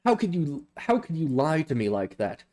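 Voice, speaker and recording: A man's voice: a little high, very animated, normal speed, darkish tone, slight background noise, voice pushed up. A man voicing a betrayed, angry young barbarian heir with rising indignant outbursts.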